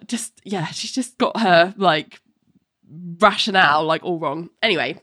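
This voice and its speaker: A woman's voice: on the low side, expressive, unhurried, fairly bright tone, dry recording, studio quality. A woman recapping a TV episode in casual chat, sarcastic and full of "like" fillers. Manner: chatty, sarcastic, frequent "like" fillers, acts out quotes. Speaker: podcast co-host recapping a TV episode.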